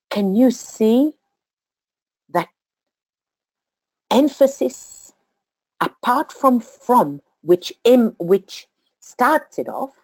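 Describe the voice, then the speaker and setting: A woman giving a slow, deliberate study talk to a group, counting out syllables as she teaches. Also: medium pitch, mellow, no echo.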